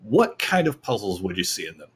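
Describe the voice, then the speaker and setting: A man's voice: lowish voice, big pitch swings, a little fast, slight background noise. A man hosting a casual panel chat, with playful, theatrical emphasis. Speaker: podcast host. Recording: captured through desktop audio.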